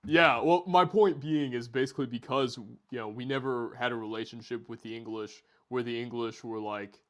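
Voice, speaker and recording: A man speaking as a guest on a casual podcast, explaining his points in a relaxed, chatty way. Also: medium pitch, moderate pace.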